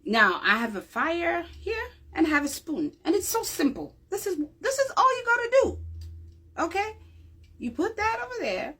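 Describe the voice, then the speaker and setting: A woman demonstrates a craft to her viewers in a chatty, unscripted way with fillers, often pausing to check in with them. Her voice is extremely high, sing-song, bright and forceful, at a moderate pace.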